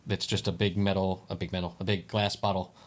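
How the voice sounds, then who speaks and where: A man co-hosting a podcast, telling a long rambling story in casual chat with halting restarts. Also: low voice, flat delivery. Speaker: podcast co-host. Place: lives in Spain.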